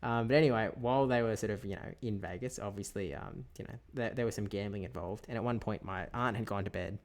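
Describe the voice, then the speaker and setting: Laughing Australian man, low voice. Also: quick pace. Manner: laughs often while telling anecdotes. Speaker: streamer. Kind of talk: casual chat while gaming.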